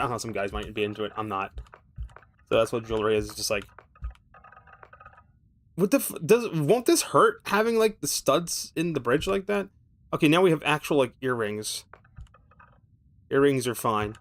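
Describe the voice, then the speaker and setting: A man's voice: medium pitch, expressive, moderate pace, pauses often, fairly bright tone. Rambling, profane male streamer. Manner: rambling, profane, thinking aloud; wry, self-mocking asides. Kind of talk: casual gameplay commentary.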